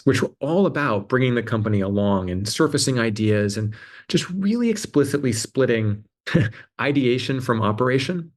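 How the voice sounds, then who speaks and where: Man, interview guest, casual storytelling, animated, filler words, mid pitch. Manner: animated storytelling, acting out quoted voices; fillers like "like" and restarts. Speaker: interview guest, adtech CEO.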